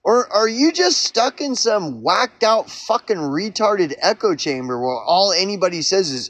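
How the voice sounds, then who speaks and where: A man's voice: sits high, big pitch swings, unhurried, few pauses, fairly bright tone, dry recording. A man from Oklahoma on a profane, rambling solo rant, acting out mock back-and-forth arguments. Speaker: vlogger.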